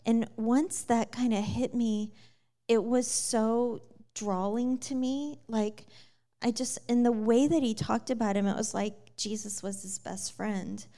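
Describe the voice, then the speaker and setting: Animated woman telling her testimony. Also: on the high side, unhurried. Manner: animated, laughs often, many fillers. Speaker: guest sharing her testimony. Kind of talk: personal testimony storytelling.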